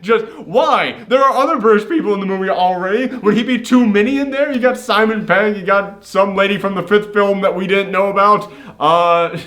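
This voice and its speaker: Man co-host, a bit high-voiced, casual and opinionated movie chat. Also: a little fast, hardly any pauses. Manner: lively, opinionated, acts out quoted lines. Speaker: co-host of a movie review show.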